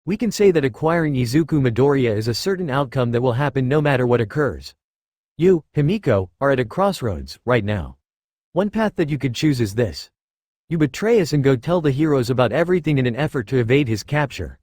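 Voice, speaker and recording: A man voicing a calm, menacing villain mastermind. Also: medium pitch, dry recording, clean studio sound. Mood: coldly threatening. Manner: smooth, slow and threatening. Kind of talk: audiobook character voice.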